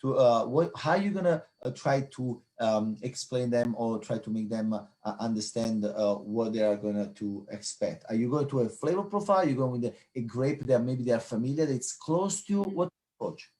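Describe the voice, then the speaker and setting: A man hosts a casual wine chat. He talks haltingly, full of fillers and restarts, at an average pitch for a man. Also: darkish tone. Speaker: wine interviewer, host. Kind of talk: casual video interview. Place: Florida.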